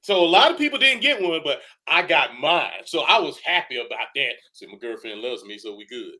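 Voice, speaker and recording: Older guy, retired first sergeant, animated storytelling over a video call. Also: fairly high pitch, brisk. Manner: lively, animated, acts out the people in his stories; loose and conversational, with restarts. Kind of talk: casual storytelling.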